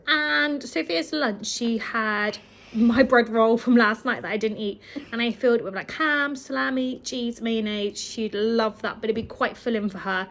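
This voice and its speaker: A woman's voice: a little high, normal speed, fairly bright tone, poor audio. A woman with a British English accent talking casually and cheerfully in a home cookery vlog, laughing often. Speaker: vlogger, homemaker. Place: home kitchen.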